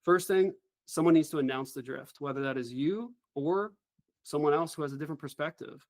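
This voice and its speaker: A middle-aged man, a former helicopter pilot, telling a story as an interview guest in an earnest, animated way. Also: on the high side, fairly quick, no room sound.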